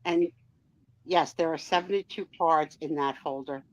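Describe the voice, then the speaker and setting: A woman's voice: low-pitched, moderate pace, no echo, lo-fi sound. A woman co-hosting a live vintage sale, chatting and calling out bids from viewers. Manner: chatty, runs the bidding and teases viewers.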